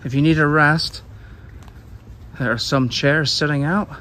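A man's voice: fairly high pitch, steady tone, a little slow, pushed and bright. A man vlogging as he walks outdoors, chatting and pointing things out along the way. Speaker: travel vlogger. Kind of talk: walking tour commentary. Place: outdoors, on a beach and vineyard paths. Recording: outdoor noise behind the voice.

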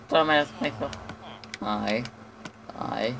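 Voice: mid-range voice, animated, measured pace, very noisy. A gamer giving casual, jumpy commentary on his own play, with lots of swearing, panicked yelps and idle humming. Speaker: lets-play host.

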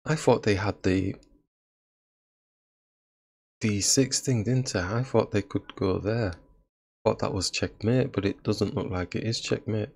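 A man's voice: fairly low pitch, a little slow, vocal fry, long pauses. A man giving casual commentary on his own chess game, laughing at his own blunders. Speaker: chess streamer.

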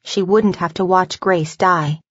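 A woman narrating a novel aloud in an even, measured storytelling voice. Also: lowish voice, dry recording, highs cut off. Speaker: audiobook narrator.

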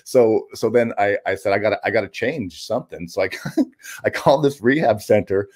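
Interviewed as a guest, a man tells a personal story candidly, often halting, restarting, and swearing casually. His voice is lowish and a little mellow.

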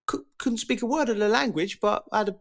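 Co-host: man, fairly high voice, chatty storyteller who laughs easily. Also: quick pace, creaky. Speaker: podcast co-host. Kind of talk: casual podcast chat.

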